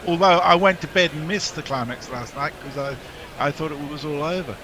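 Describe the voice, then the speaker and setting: Laughing, swearing co-commentator with hiss. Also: male voice, fairly high pitch, fairly quick. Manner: laughs often, swears casually. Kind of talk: casual chat on a cricket broadcast.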